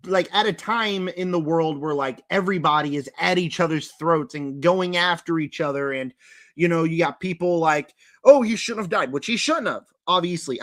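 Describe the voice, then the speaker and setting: A man's voice: high voice, fairly bright tone. A young man reviewing horror movies in a casual vlog, talking in a rambling, emphatic way full of fillers, his voice now and then cracking. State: voice cracking, throat-clearing.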